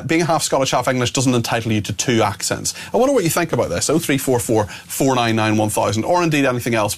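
A man with a Northern Irish accent hosting a radio phone-in, chatting in a wry, loose way with plenty of fillers. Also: mid-range voice. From Northern Ireland. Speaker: radio talk show host. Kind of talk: live radio phone-in presenting.

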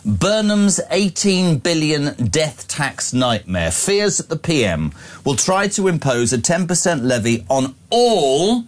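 A man's voice: fairly high pitch, sing-song, slow. A man hosting opinionated political talk, emphatic and addressing listeners directly. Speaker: talk radio host.

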